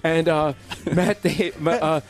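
High voiced dude telling a crude story to his buddies, swearing, laughing. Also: takes it slowly, faint music behind. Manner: profane, animated, laughing storyteller. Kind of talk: casual storytelling among friends.

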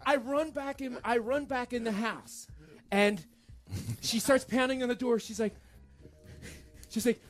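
A man's voice: very high-pitched, measured pace, pauses often. A man co-hosting a radio show, telling a story casually and acting out the voices of the people in it. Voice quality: animated, acts out voices in his stories.

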